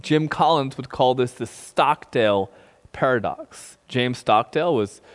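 A male pastor preaching a sermon in a relaxed, conversational way, often checking in with "right?". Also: medium pitch, a little slow. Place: sanctuary streamed online. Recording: long reverb in a large room.

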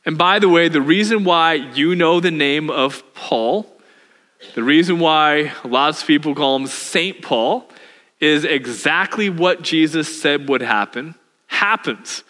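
A man preaching a sermon as pastor, animated and telling the story with humor. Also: on the high side, takes it slowly. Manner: animated storytelling, acts out voices with laughs. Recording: hall reverb.

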